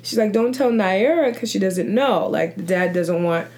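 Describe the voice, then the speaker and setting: A woman hosting a casual chat, relaxed and supportive, who reacts briefly and then tells her own side of a story. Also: mid-range voice, normal speed. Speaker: host.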